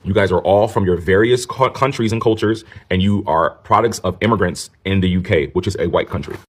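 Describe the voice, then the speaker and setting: A man's voice: deep voice, slightly rough. A man hosting a commentary video, speaking emphatically and critically. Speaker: commentary host. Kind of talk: commentary monologue to camera.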